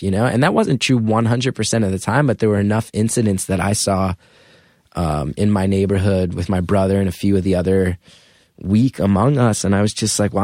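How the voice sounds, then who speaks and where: A comedian telling personal stories in a casual conversation, animated and full of fillers. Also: male voice, lowish voice, no echo, studio quality. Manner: animated, filler-heavy storytelling with acted quotes. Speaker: comedian guest.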